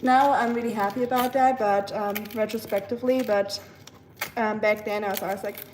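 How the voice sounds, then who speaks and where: A woman's voice: mid-range voice, fairly even intonation, a little fast, a little mellow. Woman, German accent, casual rambling chat, self-teasing, noisy background, kitchen chopping. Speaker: livestream host. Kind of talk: casual chat with live viewers.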